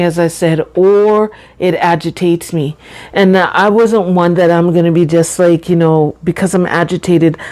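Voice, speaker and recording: A middle-aged woman talking slowly and deliberately in a personal vlog, carefully enunciating her words and chatting casually. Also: fairly low pitch, a little mellow. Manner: chatty, says y'all and you know. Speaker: vlogger.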